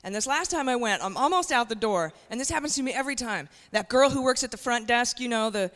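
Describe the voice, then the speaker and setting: This forties-aged woman's stand-up is brash and conversational, aimed right at the crowd in a comedy club. She speaks fast in a fairly high, expressive, fairly bright voice, captured with long hall reverb and faint noise.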